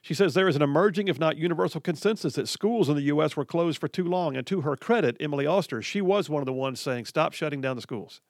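A man hosting a talk radio show, ranting in an animated, mocking way about the news. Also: fairly high pitch, fast, few pauses, no room sound, studio quality. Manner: animated, mocking, quotes others in put-on voices. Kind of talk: opinionated talk radio monologue.

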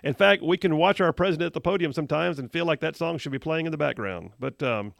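A man hosting a call-in radio talk show, bantering quickly and upbeat with callers. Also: on the high side, creaky, dry recording. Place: radio studio. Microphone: studio mic, close.

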